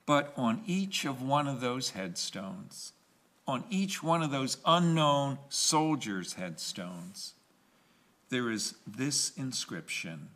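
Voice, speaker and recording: A male pastor preaching a sermon in a slow, emphatic way, pausing and repeating key phrases. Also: medium pitch, very animated, fairly bright tone.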